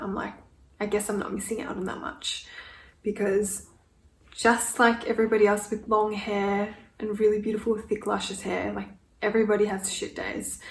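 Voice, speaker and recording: A woman's voice: mid-range voice, gravelly. A woman in her twenties doing a get-ready-with-me Q&A while applying makeup, speaking candidly and growing emotional. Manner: candid, emotional, tearful at times. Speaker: beauty vlogger. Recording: echoey room from a distance with faint noise.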